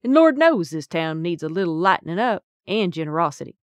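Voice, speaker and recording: A woman voicing a proud, outspoken male diner chef who speaks loudly and pointedly. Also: on the low side, big pitch swings, brisk, dry recording, clean studio sound.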